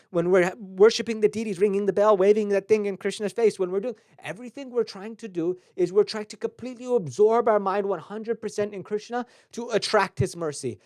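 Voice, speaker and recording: High-voiced man giving a devotional talk. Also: darkish tone, no echo, clean studio sound. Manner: storytelling, acts out quoted voices. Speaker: spiritual teacher. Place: recorded for a webcast.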